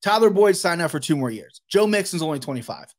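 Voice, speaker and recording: A man appearing as a podcast guest, talking as a frustrated fan in animated, profane rants. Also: high-pitched, quick pace. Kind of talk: casual sports podcast chat.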